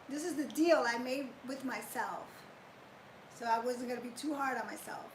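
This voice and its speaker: A woman's voice: a little high, moderate pace, reverberant, slight background noise, rough recording. A woman in her fifties chatting animatedly on a live fitness stream, greeting viewers by name. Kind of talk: casual live chat to viewers.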